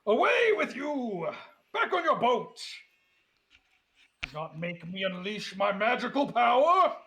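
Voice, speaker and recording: A man voicing a giant male crab in a tabletop game, who shouts threats and then begs. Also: extremely high pitch, very animated, slow, a little hiss or hum, voice pushed up, full character voice. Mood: blustering. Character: giant male crab, blustering yet cowardly.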